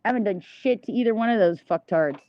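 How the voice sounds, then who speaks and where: A woman's voice: medium pitch, animated, quick pace, no room sound. A woman livestreamer ranting in a blunt, heavily profane, indignant monologue. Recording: dull, dry lo-fi mic.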